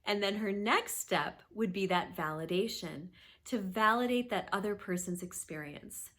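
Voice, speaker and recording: A woman in her thirties, a therapist and host, explaining conflict and apology in an earnest, emphatic talk that sometimes drops to a soft whisper. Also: mid-range voice, moderate pace. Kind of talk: warm instructional talk to camera.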